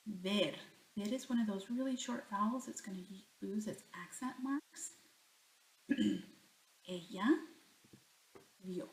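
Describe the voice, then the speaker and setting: A woman's voice: medium pitch, expressive, takes it slowly, pauses often. A woman teaching a Spanish grammar lesson, talking herself through each example and answering her own questions. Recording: echoey room.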